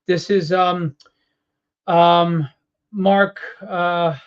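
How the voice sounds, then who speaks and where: A man's voice: high voice, little pitch movement, extremely slow, smooth, muffled recording. Tired, frustrated man on a live stream. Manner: rambling, audibly frustrated and annoyed, with many fillers. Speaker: comic book publisher presenting his campaign. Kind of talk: casual live-stream walkthrough.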